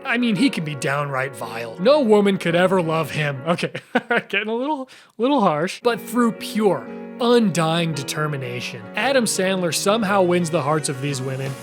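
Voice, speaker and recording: Casting: young male online host, high voice, playful snark, faint music behind. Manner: sarcastic, jokey, talks straight to the viewer. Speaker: YouTube host. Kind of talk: comedic video commentary.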